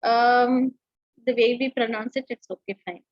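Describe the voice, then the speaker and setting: A woman's voice: on the high side, steady tone, moderate pace, no room sound, lo-fi sound. A woman teacher giving an online lecture, explaining step by step with frequent fillers and restarts.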